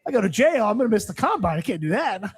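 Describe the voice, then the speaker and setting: A man with a notably high voice tells a story on a casual sports talk show. He co-hosts and talks with animation, acting out both sides of the conversation. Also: big pitch swings, rapid-fire, slightly rough. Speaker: co-host. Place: live show at a restaurant.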